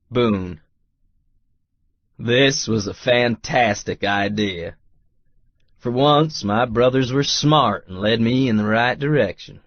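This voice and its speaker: Slow low-voiced man narrating a romance. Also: no room sound, dull audio. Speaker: audiobook narrator. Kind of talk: first-person romance narration.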